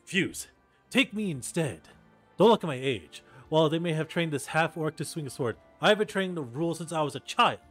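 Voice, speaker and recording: A man voicing a polite, eager young male noble heir with a smooth, earnest manner, reading game dialogue aloud. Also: on the high side, lively intonation, brisk, a bit bright, soft background music. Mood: persuasive.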